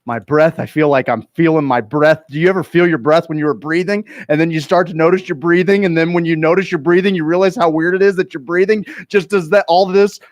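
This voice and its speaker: A man's voice: a little high, fairly even intonation, fast, hardly any pauses, no echo, clean studio sound, close to an everyday voice. Man playing a panicky teenage boy. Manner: panicky rambling. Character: paranoid teenage boy Marvin, jittery. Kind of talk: comedic radio skit acting.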